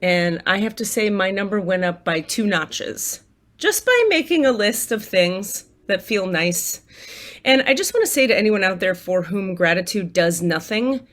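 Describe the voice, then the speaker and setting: An American woman with a mid-range, somewhat bright voice chats candidly with her viewers from her apartment at home, speaking at a normal pace in an animated way. She's a spiritual coach and tarot reader, and she swears freely and laughs often while leading a gratitude list.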